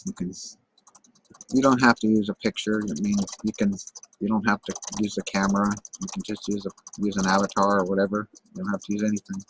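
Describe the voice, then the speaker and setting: A man's voice: on the low side, little pitch movement, brisk, noisy background. An American man hosting a casual livestream chat, loose and talkative, swearing now and then and repeating words as he goes. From United States. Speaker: livestream host.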